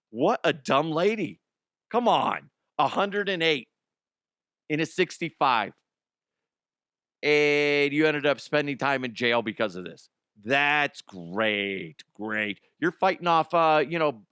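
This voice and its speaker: A man's voice: mid-range voice, a bit bright, clean tone, dry recording, clean studio sound. A man hosting a comedic news show, talking in a rambling, profane way with frequent laughter. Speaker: podcast host.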